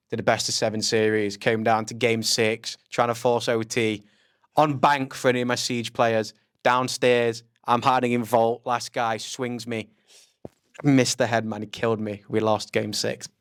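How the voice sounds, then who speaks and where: A young man from England with a Nottingham accent, hosting a casual podcast chat and quizzing his guest in a chatty, teasing way. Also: lowish voice. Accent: Nottingham English. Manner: chatty and teasing, animated quiz-master delivery. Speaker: podcast host.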